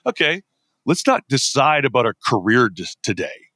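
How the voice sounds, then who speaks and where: Lively storytelling man, dry close sound. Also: medium pitch, moderate pace, no echo. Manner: energetic storyteller who acts out his own inner dialogue. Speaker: podcast guest. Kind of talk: conversational podcast interview.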